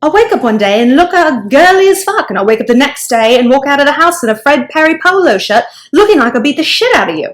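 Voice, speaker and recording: A woman puts on a brash young male rock singer with a crude, blunt way of talking and a put-on accent. The voice sits a little higher than her own talk, and it comes out louder and punchier. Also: sing-song, fast talker, hardly any pauses.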